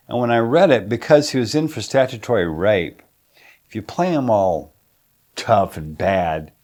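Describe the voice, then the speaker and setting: A man's voice: sits low, a little mellow. A man, an actor, casually telling how he got a film role, rambling with lots of fillers. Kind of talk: interview anecdote.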